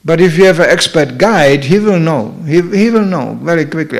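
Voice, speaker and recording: A middle-aged visiting speaker leads a humorous scripture class at a temple, telling stories and animatedly acting out the characters. His voice is on the high side, moving at a moderate pace with few pauses.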